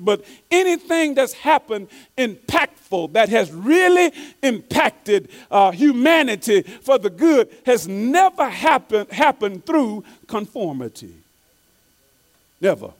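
High-pitched guy preaching, slows way down on quotes, says stuff twice, trips over words a lot. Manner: repeats key phrases for emphasis, reads quotes slowly; stumbles and restarts often. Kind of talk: sermon.

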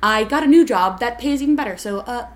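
A woman's voice: on the high side, brisk. Profane ranting woman in an echoey room. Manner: profane, ranting, animated storyteller. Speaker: podcast co-host telling a story. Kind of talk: casual storytelling chat.

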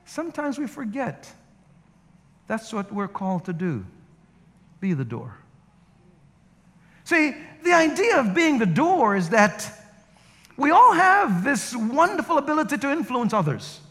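A man's voice: extremely high pitch, measured pace, long pauses. A male guest pastor preaching a sermon and telling stories with acted quotes, recorded in a church sanctuary. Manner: animated storytelling with acted quotes. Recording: reverberant hall.

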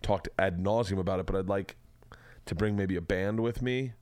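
Low-voiced rambling podcast host. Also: male voice, normal speed, a little mellow, no echo. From Florida. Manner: rambling, enthusiastic, trails off mid-thought. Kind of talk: casual chat. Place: home studio.

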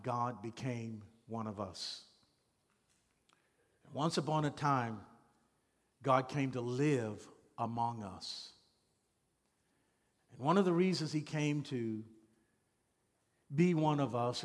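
A man's voice: medium pitch, big-room sound. A man preaching a sermon as pastor, with an emphatic, repetitive cadence.

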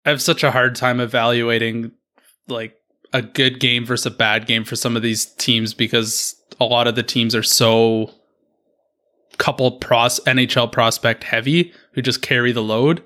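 Man, co-host, bright tense voice, analytical casual chat. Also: mid-range voice, level tone, moderate pace. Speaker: podcast co-host.

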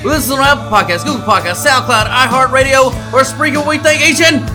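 A high-voiced man with a Texan accent hosts a casual sports podcast. He delivers his lines in an upbeat, announcer-like way, with music playing underneath. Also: fairly quick. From Texas. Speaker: podcast host.

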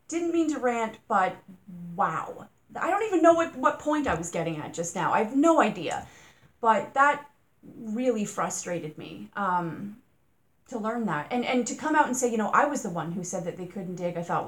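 A woman's voice: mid-range voice, expressive, moderate pace. A woman hosting a true-crime podcast, talking casually through her thoughts, asking rhetorical questions and sometimes getting exasperated.

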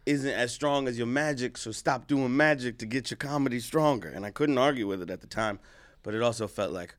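A man, a guest comedian chatting on a podcast in a joking, animated way. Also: a little fast. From New York, Jamaica, Queens. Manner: joking, animated, jumps into high silly voices. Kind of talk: casual podcast chat.

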